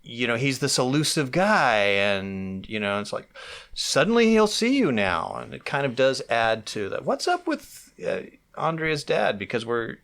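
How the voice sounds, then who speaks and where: A man co-hosting a podcast in loose conversation. His pitch sits in the middle of the range. He rambles and restarts his sentences, padding them with "you know.". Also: sing-song, moderate pace, vocal fry, a bit bright. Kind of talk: casual chat.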